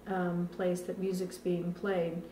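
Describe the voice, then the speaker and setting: A soft-spoken woman talking about music and the soul. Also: fairly low pitch, level tone, slow pace, slight background noise. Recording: roomy with faint ambience.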